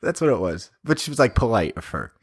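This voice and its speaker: A man's voice: medium pitch, very animated, fast, breathy edge. A man from the Boston area hosting a podcast in casual chat, articulate and teasing. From Boston area, USA. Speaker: podcast host.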